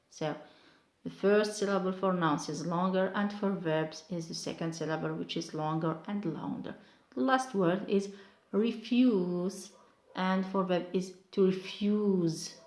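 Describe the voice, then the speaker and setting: Woman, English teacher, careful repetition, low voice, roomy echo. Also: creaky. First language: Arabic. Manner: slow, careful, repeats example words. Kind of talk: online pronunciation lesson.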